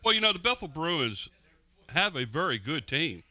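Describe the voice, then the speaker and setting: A man announcing a local high school football game, reading sponsor spots and giving lively commentary. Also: moderate pace, dry recording. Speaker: play-by-play announcer. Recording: local cable broadcast with music behind.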